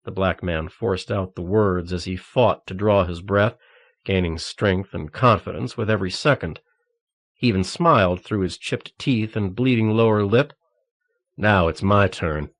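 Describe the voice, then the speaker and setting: A man narrating an audiobook thriller in a steady, measured reading. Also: lowish voice, no echo.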